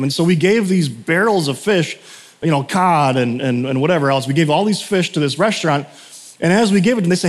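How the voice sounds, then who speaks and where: A man's voice: high-pitched, brisk. A man in his thirties, a pastor giving a casual, conversational sermon, telling stories with many fillers and frequent laughs. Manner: chatty, storytelling, laughs often, lots of fillers. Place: church sanctuary. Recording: long hall reverb.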